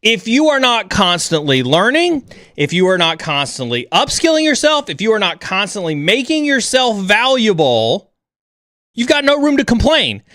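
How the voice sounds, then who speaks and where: A man's voice: high-pitched, big pitch swings, moderate pace, pushed and bright, dry recording, clean studio sound. A man hosting a livestream chat, talking bluntly and with lots of energy, sometimes mocking others in an overreactive voice. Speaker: stream host.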